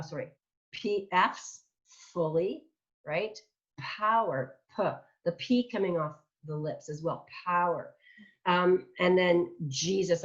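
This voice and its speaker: Lower-voiced woman teaching singing on dull audio. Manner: demonstrates by speaking and singing example words; chatty, warm teaching asides. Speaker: vocal coach. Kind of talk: online masterclass teaching.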